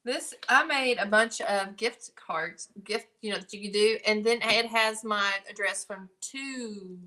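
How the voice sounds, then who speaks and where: A woman's voice: medium pitch, unhurried, sharp tone. A woman guest on a live craft stream, rambling casually as she shows her art journal and crafts. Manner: rambling, talks while crafting, lots of fillers. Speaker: guest artist. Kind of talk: casual craft demonstration chat.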